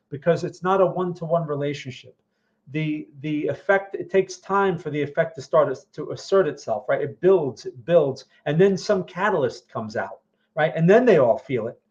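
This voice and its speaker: A man hosting a live market analysis, talking viewers through charts in a loose conversational way and often checking in with them. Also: fairly high pitch. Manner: conversational, keeps checking in with "right?" and "okay?"; repeats and restarts phrases while thinking aloud. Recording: dull lo-fi sound.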